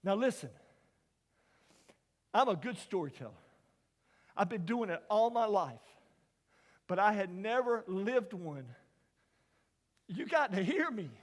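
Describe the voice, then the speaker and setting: A man's voice: high-pitched, big pitch swings, slow pace, pauses often. Folksy man preaching in a reverberant hall. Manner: folksy, dramatic storyteller, drops to whispers and rises to near shouts. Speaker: chapel speaker. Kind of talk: storytelling sermon. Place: large university chapel.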